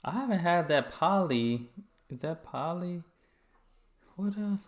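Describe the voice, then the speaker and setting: A man's voice: sits high, animated, takes it slowly. A young American man hosting a reaction video, chatting casually and laughing along with what he watches. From United States. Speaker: reaction channel host.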